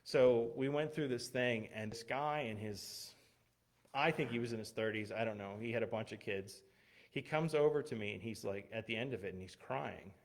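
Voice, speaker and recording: Speaking at normal speed with a medium-pitched voice, a man who is a missionary pastor addresses a church as its guest. His personal anecdotes come out conversationally, with many fillers, false starts, and self-deprecating laughter. It's an online church stream that keeps glitching from a shaky connection.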